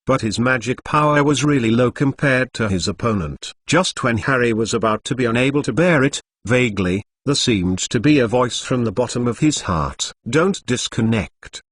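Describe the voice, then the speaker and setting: A man's voice: medium pitch, moderate pace, hardly any pauses, fairly bright tone, no echo, clean studio sound. A man's synthetic voice narrating a web novel, reading web addresses and symbols aloud. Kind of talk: text-to-speech novel narration.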